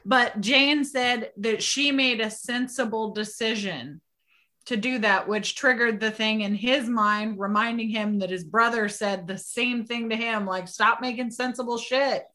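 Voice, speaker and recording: Bright woman chiming in on a movie. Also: fairly high pitch, a little slow. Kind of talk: casual chat.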